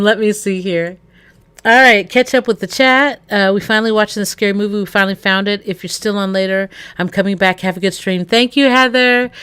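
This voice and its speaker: Woman, casual livestreamer; bright, crisp tone, rambling chatty delivery aimed at the chat. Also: mid-range voice.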